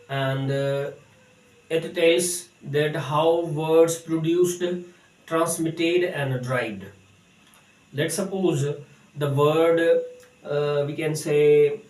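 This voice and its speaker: Slow man lecturing in an echoey room. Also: on the high side. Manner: slow, halting, many uh fillers. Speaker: teacher. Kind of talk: recorded English lecture. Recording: echoey room, distant mic.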